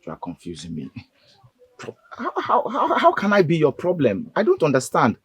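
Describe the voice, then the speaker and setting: A man's voice: fairly high pitch, huge pitch swings, normal speed, husky, no room sound, heavily acted. An actor with a Nigerian English accent playing a defensive young man who pleads his innocence to friends in a film scene. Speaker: accused friend. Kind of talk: Nollywood film acting. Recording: film audio with background music.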